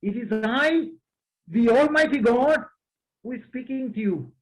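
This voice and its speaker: A preacher voicing a calm, solemn God. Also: male voice, very high voice, unhurried, low-quality recording. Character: calm almighty God speaking from above.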